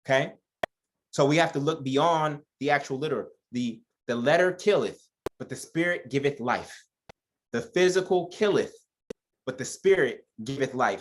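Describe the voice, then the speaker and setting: A man leading an informal Bible study who reads verses aloud and comments on them in a joking, conversational way, addressing listeners as y'all. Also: medium pitch.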